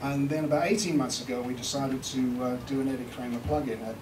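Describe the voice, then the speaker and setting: A man's voice: medium pitch, steady tone, fast. British man talking in an echoey room. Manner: chatty, joking, swearing lightly. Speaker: seminar presenter, recording engineer. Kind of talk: live seminar talk and demo. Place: room with a live audience. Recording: echoey room from far off, with background noise.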